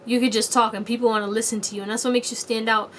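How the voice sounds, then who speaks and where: Woman tarot reader, casual vlog delivery, higher-pitched, laughs and swears a lot, faint hiss. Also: level tone, rapid-fire. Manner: playful high-pitched quoted voices. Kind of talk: casual pick-a-card tarot reading.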